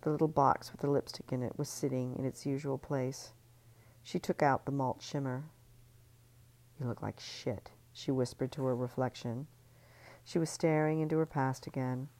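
A woman reading her own novel aloud in a calm, measured way, now and then restarting a word. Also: rumbling low. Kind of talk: audiobook-style novel reading.

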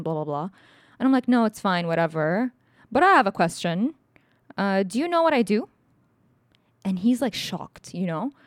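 Young woman, podcast storyteller, blunt and animated, mid-range voice, dry sound. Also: mid-range voice, no room sound. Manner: frank and animated, swears freely, acts out quotes. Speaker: podcast co-host telling a story. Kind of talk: casual storytelling chat.

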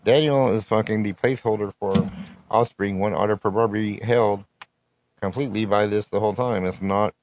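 A man's voice: on the low side, fairly even intonation, normal speed, darkish tone, muffled recording, a little hiss or hum. A man delivering an unscripted live rant, profane, threatening and rambling. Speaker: solo podcaster.

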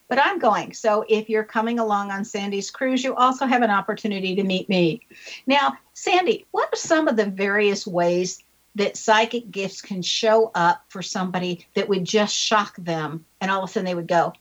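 A woman's voice: medium pitch, normal speed. An older woman hosting a casual interview, friendly and conversational. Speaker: podcast host. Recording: muffled lo-fi audio.

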